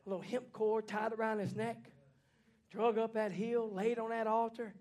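A man preaching a fiery sermon in a church, folksy and plainspoken, swinging from hushed lines to shouting. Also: sits high, flat delivery, moderate pace. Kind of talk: fiery Pentecostal-style sermon.

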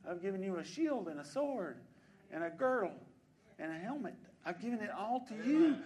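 A fairly high-voiced preacher, moving from soft, chatty asides to ringing calls to his church. A congregation answers him from the pews. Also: big pitch swings, normal speed, a little hiss or hum. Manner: swings from quiet conversational asides to loud exhortations. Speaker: pastor. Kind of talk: sermon. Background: congregation responding.

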